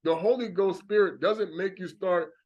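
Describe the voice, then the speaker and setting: A man with a notably high voice preaches in a long monologue. He talks animatedly and breaks into acted-out exclamations to make his point. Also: moderate pace, muffled recording. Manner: animated, acts out reactions in exclamations. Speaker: religious teacher.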